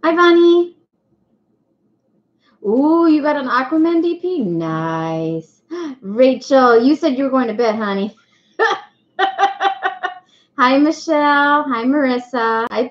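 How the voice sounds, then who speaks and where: Chatty high-voiced woman greeting her viewers. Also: animated, measured pace. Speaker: livestream host. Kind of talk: casual live-stream chat. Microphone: webcam mic. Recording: echoey room, dull lo-fi sound.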